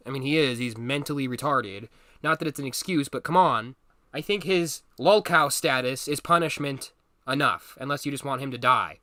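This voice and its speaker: A man's voice: a little high, bright, forceful tone, no room sound. A man hosting a solo commentary monologue, talking bluntly and emphatically and repeating words for stress. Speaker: commentary channel host.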